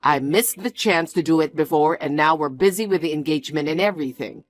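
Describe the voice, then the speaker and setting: A woman's voice: deep voice, brisk, faint music behind, natural voice. A woman voicing a defensive, bossy young man who talks in a curt, scolding way. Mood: evasive.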